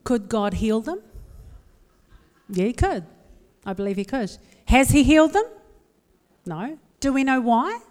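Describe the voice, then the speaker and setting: A woman's voice: fairly high pitch, measured pace, pauses often. Candid New Zealand woman in a reverberant hall. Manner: candid, self-deprecating, lively storytelling. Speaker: speaker. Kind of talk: humorous personal talk to a live audience.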